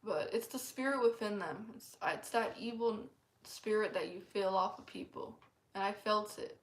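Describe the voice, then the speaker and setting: A woman's voice: medium pitch, normal speed. A woman earnestly sharing a personal testimony in a casual, rambling way, full of "like" fillers. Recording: echoey room.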